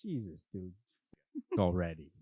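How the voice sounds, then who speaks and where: A man's voice: low-pitched, expressive, a little slow, dark tone, breathy edge, no echo, muffled recording. Playful young man, bouncy voice. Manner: teasing, playful. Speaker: comedy podcast co-host. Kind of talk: casual chat.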